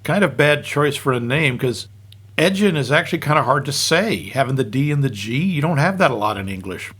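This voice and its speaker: A man's voice: medium pitch, expressive, a bit bright, slightly rough. A man co-hosting a casual movie review podcast, nerdy and wry. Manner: nerdy, wry, quick asides. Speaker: podcast co-host.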